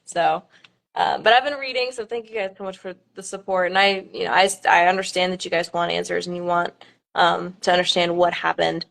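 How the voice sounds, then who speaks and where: A woman in her twenties talks casually to viewers on a livestream. She speaks in a halting way, full of ums and small nervous laughs. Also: on the low side, steady tone, creaky, a bit bright. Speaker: pageant contestant.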